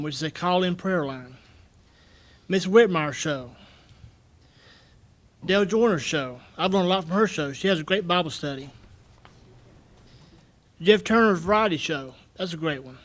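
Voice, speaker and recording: A man giving an earnest, halting public comment at a county meeting podium, repeating his words as he goes. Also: high-pitched. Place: county commission meeting room.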